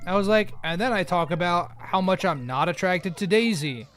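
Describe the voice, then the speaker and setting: A man's voice: high voice, normal speed, a bit bright. A man chatting casually while live streaming a game, rambling and joking at his own expense. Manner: rambling, joking, often laughing at himself.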